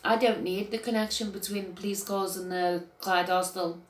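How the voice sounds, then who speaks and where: A woman's voice: medium pitch, fairly even intonation, moderate pace. Agitated grandmother in an echoey room. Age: older. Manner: agitated, swinging between quiet and loud outbursts, swearing. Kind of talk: emotional personal account to camera.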